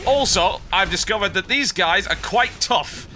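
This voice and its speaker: Sardonic let's-play host, fairly high voice, game music faintly underneath. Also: male voice, a little slow, few pauses. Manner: sardonic, animated, wry complaints. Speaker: gameplay commentator.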